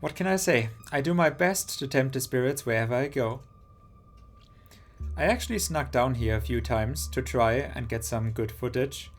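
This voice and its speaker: A man's voice: mid-range voice, moderate pace, faint music behind, lightly acted. A man voicing a brash young woman who hunts ghosts for her videos, read in a dry, teasing way. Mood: wry.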